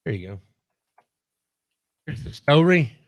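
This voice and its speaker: A man's voice: on the high side, very animated, takes it slowly, no room sound. A man co-hosting a casual radio show from a studio, joking and telling news stories in a self-deprecating way. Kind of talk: casual morning radio banter. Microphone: studio mic.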